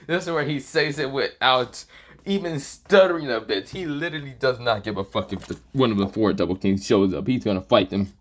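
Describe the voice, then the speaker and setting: A man's voice: medium pitch, fairly quick. A man casually narrating a comic-based story, rambling and often restarting with the same stock phrases. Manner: rambling, repeats "this is where, well".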